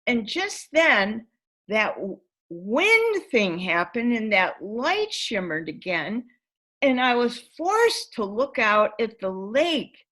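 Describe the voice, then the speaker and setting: Slow, animated woman storyteller. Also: mid-range voice. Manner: vivid, animated storyteller who acts out scenes. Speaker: workshop facilitator and author. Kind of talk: storytelling talk to a spiritual gathering.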